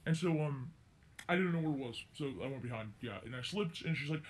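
Teen boy, slightly high voice, casual story-time vlog, rambling, keeps correcting himself. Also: a little fast. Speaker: vlogger.

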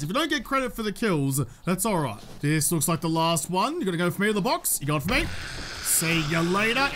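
A man's voice: high voice, sharp tone, slight background noise. An Australian man giving jokey, chatty let's-play commentary and talking to his in-game companion. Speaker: gaming YouTuber.

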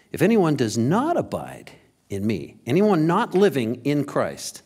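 A male pastor preaching a sermon, reading scripture slowly and with emphasis, then breaking into lively asides to the congregation. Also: mid-range voice.

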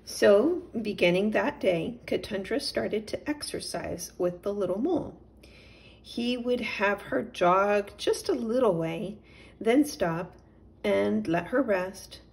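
A woman gently reading a children's story aloud as the storyteller. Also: mid-range voice, lively intonation, slow, creaky.

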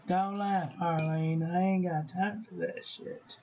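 A man vlogging about stationery, talking to himself in an expressive, profane way as he tests inks. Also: high-pitched, takes it slowly, lo-fi sound, slight background noise. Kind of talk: casual unboxing vlog.

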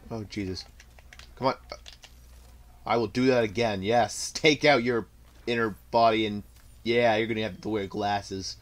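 A young man with a fairly low voice narrates his own fighting-game match out loud, jumping between muttered asides and bursts of trash talk. He laughs at his own jokes, and keyboard typing can be heard behind him. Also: measured pace. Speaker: gameplay commentator. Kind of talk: live gameplay commentary.

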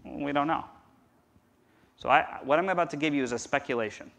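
A man preaching a conversational sermon as pastor, swinging from loud emphasis to a near-whisper. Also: fairly high pitch, brisk, gravelly. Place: church.

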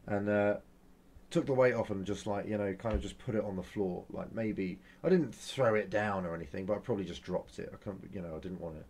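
A man's voice: lowish voice, warm tone, husky. A young man chatting casually in a vlog, rambling and grumbling, with lots of fillers, restarts and mild swearing. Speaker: vlogger.

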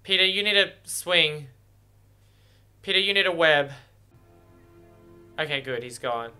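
A man's voice: on the high side, expressive, unhurried, pushed and bright, smooth, soft background music. A man thinking aloud as he watches a film for the first time, emotional and exclaiming. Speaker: movie reactor. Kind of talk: first-watch movie reaction commentary.

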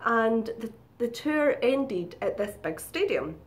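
A woman's voice: a little high, very animated, slow. A woman telling a story in a casual vlog, chatty, swearing freely and giggling at herself. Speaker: vlogger.

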